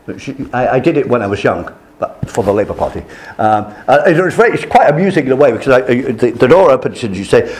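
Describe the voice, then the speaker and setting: A man's voice: medium pitch, fast talker. An older man giving a classroom lecture, telling stories and acting out the people he quotes. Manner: lively, storytelling, acts out quoted voices.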